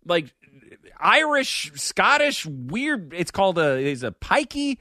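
Lively, bright-voiced male podcast host. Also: sits high, slow pace, dry recording, clean studio sound. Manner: animated, wry, trails off and restarts. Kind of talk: casual podcast banter.

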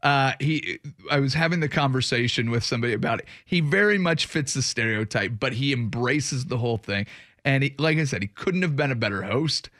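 A man's voice: medium pitch, animated, brisk, a bit bright, no room sound, clean studio sound. A man hosting a sports radio show, telling rambling stories in casual banter. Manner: rambling, chatty storyteller.

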